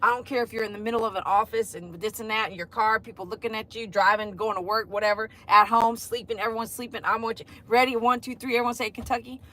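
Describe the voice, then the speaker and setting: High-voiced woman greeting livestream viewers. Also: steady tone, fast, hardly any pauses, pushed and bright. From Texas. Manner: effusive, greets viewers by name, sing-song chants. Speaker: dog groomer and livestream host. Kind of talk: casual livestream chat.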